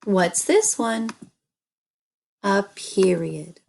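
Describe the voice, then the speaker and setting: A woman teaching an early-grade reading lesson, speaking slowly and deliberately and repeating little chants for children. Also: medium pitch, animated.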